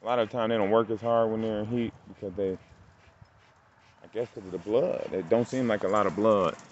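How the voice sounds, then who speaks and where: Guy with a low voice rambling to the camera in a dog yard, fumbles words, praises his dog, muffled recording, faint background noise. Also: fairly even intonation, moderate pace, a little mellow. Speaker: dog owner and breeder. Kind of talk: casual chat to camera. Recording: dull lo-fi camera audio with faint outdoor noise.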